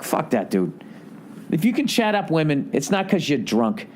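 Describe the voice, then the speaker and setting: A man's voice: on the high side, big pitch swings, moderate pace, darkish tone, a little hiss or hum. A man hosting a podcast, reading listener letters aloud and giving blunt, profane advice with rambling asides. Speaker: podcast host.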